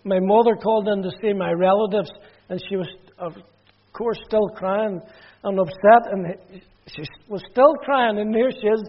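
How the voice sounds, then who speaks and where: Northern Irish preacher, high voice, testimony storytelling, dull muffled sound. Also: male voice, normal speed. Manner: plain storytelling that drops quiet and low in sad parts.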